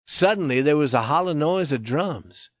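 A man narrating a story in a steady, measured reading. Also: on the high side, no room sound, lo-fi sound. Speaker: audiobook narrator. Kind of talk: scripted narration.

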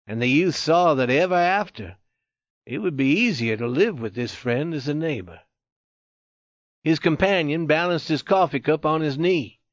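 Male audiobook narrator, measured, dry dull lo-fi recording. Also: fairly high pitch, lively intonation, dry recording. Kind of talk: scripted narration.

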